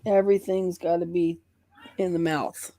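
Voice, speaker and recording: A woman's voice: lowish voice, level tone, normal speed, mellow. A woman in casual chat, exasperated as she scolds her dog.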